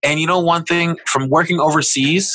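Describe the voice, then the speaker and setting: A man chatting casually as a guest on a podcast, emphatic and animated in his asides. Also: fairly high pitch, normal speed, poor audio. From Russian American family.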